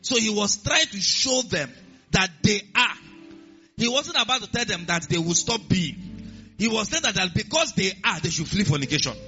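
A man preaching a sermon in an emphatic, lively way, with repeated refrains. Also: high-pitched, normal speed. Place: church. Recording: muffled recording with music behind.

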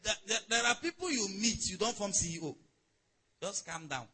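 Husky-voiced preacher leading a congregation. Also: male voice, high-pitched, big pitch swings, normal speed, sharp tone, rough recording. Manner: conversational preaching, calls on the congregation to respond. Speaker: pastor. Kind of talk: sermon.

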